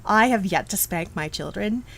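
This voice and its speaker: A middle-aged woman hosts a live knitting stream, chatting casually, reacting to viewers and laughing often. Her medium-pitched voice is expressive with some vocal fry, moving at a moderate pace on a rough recording. She's chatty, answers the chat, and keeps restarting and laughing.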